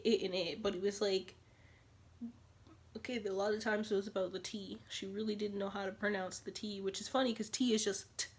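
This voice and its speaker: A young woman vlogging casually to her camera, chatty and animated, repeating lines for emphasis and dipping into whispered asides. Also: on the high side.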